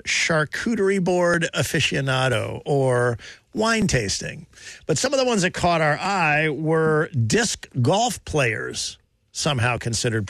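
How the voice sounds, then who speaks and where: A man hosting a radio talk show, chatting in an opinionated, animated way. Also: on the high side, dry recording.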